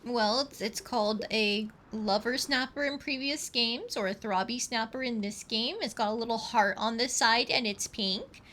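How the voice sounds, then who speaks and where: A woman's voice: fairly high pitch, moderate pace, hardly any pauses, fairly bright tone, slight background noise. A woman streamer giving playful, chatty commentary while fishing in a game, pleading with the fish. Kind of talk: casual let's-play commentary.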